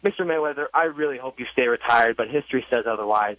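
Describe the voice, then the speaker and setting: Man, caller, mid-pitched, dry close sound, measured sarcastic read. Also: a bit bright, no echo, lo-fi sound. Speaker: radio caller. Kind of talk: reading a prepared rant.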